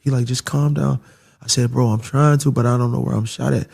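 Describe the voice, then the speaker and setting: A young man casually telling a story, animated and swearing, acting out the voices of the people in it. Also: mid-range voice, brisk, creaky, slightly rough.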